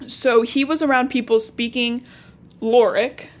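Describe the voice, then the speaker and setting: Young woman podcast host, higher voice, chatty and slangy, from Cincinnati. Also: fairly even intonation, measured pace. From Cincinnati, Ohio. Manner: chatty recapping with slangy asides and swearing. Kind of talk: casual book-podcast chat.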